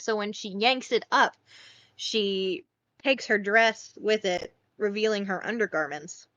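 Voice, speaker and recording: A woman's voice: mid-range voice, a bit bright, dry recording, muffled recording. A woman hosting a podcast, casually recapping a film in a chatty, rambling way with some swearing. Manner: chatty, swearing, rambling with fillers and self-corrections. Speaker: podcast host.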